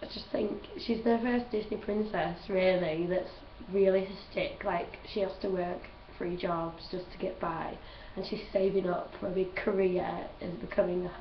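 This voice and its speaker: A woman's voice: lowish voice, fairly even intonation, normal speed, hardly any pauses, a little hiss or hum. Gushing young woman, roomy distant sound. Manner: gushing, chatty, laughs often. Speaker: vlogger. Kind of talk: casual chat. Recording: roomy, distant, dull home recording.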